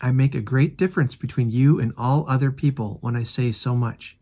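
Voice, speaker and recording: A cold young woman speaks with calm detachment, every word measured and unhurried, voiced by a man reading her part aloud. Her tone stays composed, with no warmth anywhere in it. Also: mid-range voice, lightly acted.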